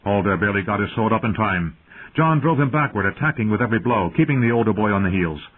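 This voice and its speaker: A man giving measured scripted narration of an audiobook, heard through tinny phone-like audio. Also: fairly low pitch, expressive, breathy edge.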